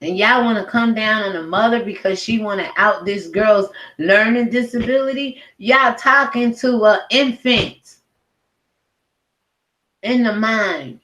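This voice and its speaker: A woman's voice: mid-range voice, measured pace, a bit bright. A middle-aged woman ranting at home in a blunt, profane, heated commentary video. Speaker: commentary vlogger. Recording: roomy echo.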